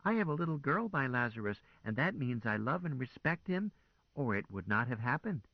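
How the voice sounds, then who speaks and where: A man's voice: mid-range voice, sing-song, normal speed, dry recording, dull audio, pitched above the performer's own voice. A man voicing a frank, earnest woman speaking candidly.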